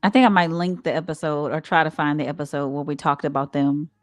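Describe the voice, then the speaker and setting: A woman co-hosting a casual podcast, giving earnest, measured advice. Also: low-pitched, fairly even intonation, no room sound. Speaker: podcast co-host. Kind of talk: casual chat.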